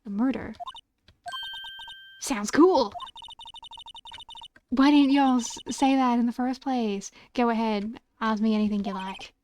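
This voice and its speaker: A loud, bossy country photographer with a thick Southern drawl, as a woman puts her on. She talks slowly and scolds in folksy phrases, her voice riding fairly high. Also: fairly even intonation, faint music behind. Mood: friendly. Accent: put-on American Southern drawl.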